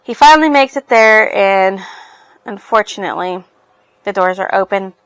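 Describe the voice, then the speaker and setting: Woman book vlogger, mid-pitched, casual rambling recap, dry close sound. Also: animated, moderate pace, smooth, dry recording. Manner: rambling, loose, full of "she's like" and fillers. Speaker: book reviewer. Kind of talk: casual retelling of a novel's plot.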